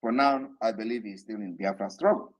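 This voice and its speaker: A man with a Nigerian accent giving an impassioned, defiant political address to followers online, repeating his points forcefully. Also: on the low side, brisk, low-quality recording. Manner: fiery, defiant, repetitive.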